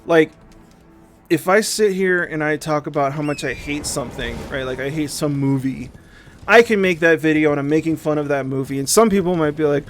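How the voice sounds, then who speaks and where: A young man chatting casually on a livestream, animated and profane, often mimicking other people in quick asides. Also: on the high side, faint music behind. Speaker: streamer.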